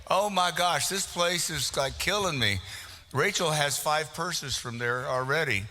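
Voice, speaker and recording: A man's voice: fairly high pitch, unhurried, pushed and bright, a little hiss or hum. A man emceeing a live prize raffle in a meeting hall, teasing people and calling out names to the crowd. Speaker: event emcee. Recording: long reverb of a big hall.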